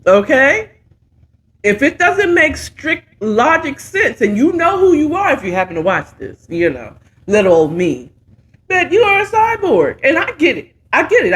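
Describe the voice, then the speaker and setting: A woman's voice: on the high side, big pitch swings, normal speed, fairly bright tone. A middle-aged woman giving casual, sassy, playful commentary while reviewing a talk show.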